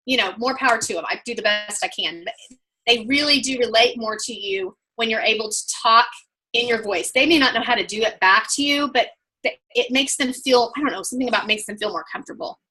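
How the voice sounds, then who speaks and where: An upbeat woman with an Oklahoma accent, leading a group coaching talk. Her voice rings bright and sits a little high, and she talks emphatically and with energy. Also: a little fast, low-quality recording. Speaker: sales trainer.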